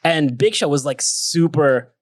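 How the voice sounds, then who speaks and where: Young guy rambling thru a story, swears a lot, kinda high voice, dry close sound. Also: expressive, measured pace, no room sound. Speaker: podcast co-host. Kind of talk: casual chat, storytelling.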